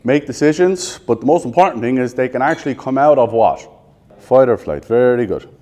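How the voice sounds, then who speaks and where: An expressive, warm-toned Irish sales trainer in his thirties addresses a live audience in a training room. He throws out rapid questions, answers them himself, and speaks bluntly and profanely at an average pitch.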